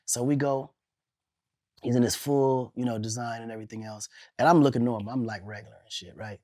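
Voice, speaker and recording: A man in his forties, an interview guest telling animated stories, laughing and swearing casually. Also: mid-range voice, a little fast.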